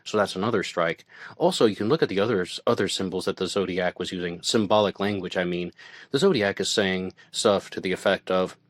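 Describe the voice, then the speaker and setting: A man's voice: low voice, a little fast, no echo. A man hosting an online radio show, talking through true-crime commentary in a conversational way, with fillers and restarts. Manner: conversational, with fillers and self-corrections. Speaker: host.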